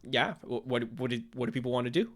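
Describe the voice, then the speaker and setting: Guy gm narrating a tabletop scene, middle pitch, lots of likes and uhs. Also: fast talker. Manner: relaxed, full of fillers, vivid scene-setting. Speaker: game master.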